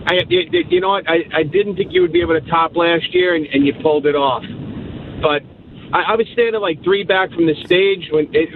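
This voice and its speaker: A man calling in to a radio show, chatting excitedly with stumbling restarts. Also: a little high, brisk. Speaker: caller. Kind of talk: casual phone call to a radio show. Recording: tinny phone line with faint hiss.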